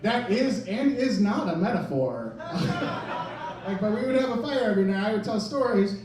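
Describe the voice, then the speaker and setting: On the club stage, a stand-up comedian in his thirties riffs self-deprecatingly and at length, brisk and expressive in a high-pitched voice. The recording is noisy and echoey, taken from a distance, with the audience laughing.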